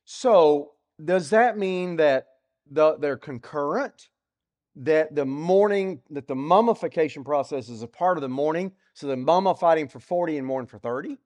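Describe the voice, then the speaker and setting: A man teaching through a Bible passage in a sermon, asking rhetorical questions and swinging between loud and soft. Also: fairly high pitch, normal speed. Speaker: preacher.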